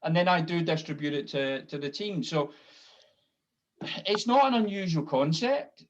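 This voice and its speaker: A man's voice: a little high, expressive, normal speed, highs cut off. A man on an online panel discussion, talking bluntly, swearing now and then and acting out quoted conversations. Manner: blunt, swears, acts out quoted exchanges with laughs. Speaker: panel participant.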